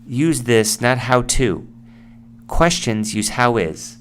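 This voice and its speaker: A man's voice: mid-range voice, lively intonation, takes it slowly, slight background noise. A man giving a casual English vocabulary lesson, explaining words and acting out example sentences. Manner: explanatory, acts out example sentences in different voices. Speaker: English teacher.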